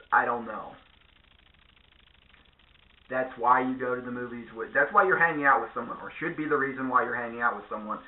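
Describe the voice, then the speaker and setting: A man's voice: mid-range voice, narrow, tinny audio. Guy ranting on his vlog, sarcastic and swearing, sounds like a phone mic in an echoey room. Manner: sarcastic, profane, animated. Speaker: vlogger. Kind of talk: ranting monologue.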